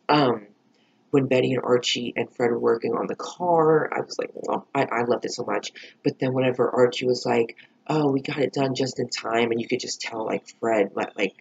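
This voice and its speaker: A man's voice: mid-range voice, creaky, breathy edge, dull audio. A man giving a casual, heated reaction review of a TV episode, swearing often and full of fillers.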